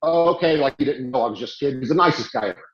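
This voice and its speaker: A middle-aged man hosting a podcast, telling jokes in a dry, deadpan way during casual chat. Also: medium pitch, very fast. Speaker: podcast host. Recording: roomy, dull lo-fi sound.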